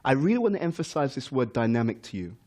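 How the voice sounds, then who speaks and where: A man's voice: mid-range voice, very animated, quick pace, mellow. A middle-aged man giving a morning spiritual class, earnest, repeating key words for emphasis. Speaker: spiritual teacher. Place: temple class room.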